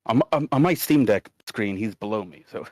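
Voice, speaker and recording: A man with a lowish voice co-hosts a casual livestream, rambling as he reads chat messages aloud. His sound is close and dry, with no room around it. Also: expressive, normal speed, a little mellow, no room sound. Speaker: stream co-host.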